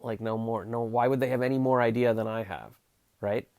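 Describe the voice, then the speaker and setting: A man's voice: medium pitch, fairly even intonation, a little fast, darkish tone, dry recording, clean studio sound. A Canadian man in his forties chatting on a livestream, rambling through restarts with wry, sarcastic asides. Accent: Canadian English. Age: 40s. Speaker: vlogger answering live chat. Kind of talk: casual rambling livestream chat.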